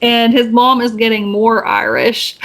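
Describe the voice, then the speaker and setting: A woman's voice: level tone, measured pace, gravelly, fairly bright tone. A woman co-hosting a podcast, recapping a movie in casual, rambling chat full of fillers and restarts. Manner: acts out quoted lines with raised pitch. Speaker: podcast co-host.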